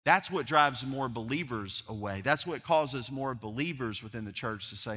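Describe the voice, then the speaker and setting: Male pastor, bright forceful delivery, sermon in a big echoing hall. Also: expressive, normal speed, hardly any pauses, husky. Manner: impassioned preaching, swelling loud then dropping low. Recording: long hall reverb.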